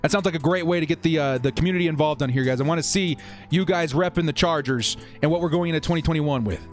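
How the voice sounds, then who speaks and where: A young man hosting a live watch-party stream, chatting with viewers and getting excited over each play. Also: a little high, fast, faint music behind.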